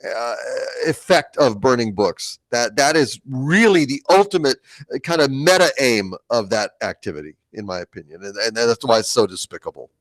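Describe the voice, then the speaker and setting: A man's voice: medium pitch, expressive, normal speed, no echo, poor audio. A man co-hosting a casual live stream, speaking in an articulate, lecturing way with formal words and stammered restarts. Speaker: co-host.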